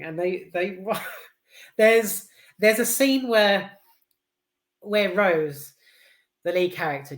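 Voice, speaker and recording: A woman giving a casual, enthusiastic film review, rambling and hesitant with lots of fillers, restarts and casual swearing. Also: on the low side. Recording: roomy echo.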